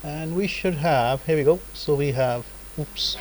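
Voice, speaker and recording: A man gives a live software lesson, talking students through each click in a loose, conversational way. His voice sits a little high for a man, and he keeps tagging sentences with "right?" and "okay?". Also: moderate pace, slight background noise, low-quality recording. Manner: casual, repeats "right?" and "okay?" as check-ins. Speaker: lecturer. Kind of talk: live software tutorial lecture.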